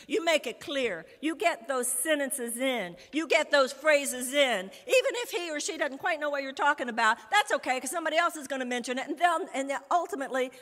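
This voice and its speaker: A woman's voice: high voice, a bit bright. Rousing woman in an echoey hall. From United States. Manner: rousing, emphatic, repeats phrases for effect. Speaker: conference speaker. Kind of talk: impassioned rally speech. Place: large conference hall.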